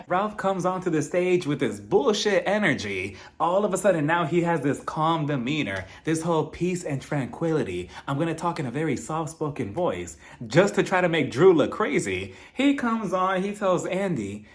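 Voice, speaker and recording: A young man recapping a reality show in casual commentary, sarcastic and animated, acting out people's lines and laughing often. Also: a little high, normal speed.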